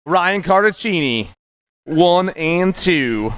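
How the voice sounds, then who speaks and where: A man calling live races as the announcer, excited and punchy, rattling off names and nicknames. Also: sits high, a little slow, dry recording. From USA. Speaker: race announcer. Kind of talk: live race commentary.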